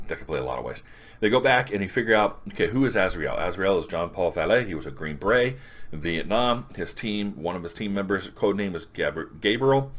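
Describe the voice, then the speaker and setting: Male comic reviewer with a low voice, loose and rambling, recaps the plot casually. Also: a bit bright. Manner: rambling, restarts and quotes characters in passing.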